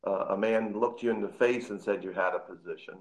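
A man earnestly recalling a past meeting and his regret, speaking haltingly and repeating himself. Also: lowish voice, rough recording. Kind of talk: reflective testimony.

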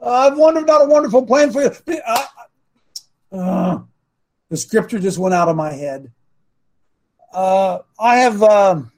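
A man hosting a talk show as a coach, preaching with passion and at times shouting. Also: very high voice, big pitch swings, measured pace, pauses often. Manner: impassioned, swings to shouting. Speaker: host and coach.

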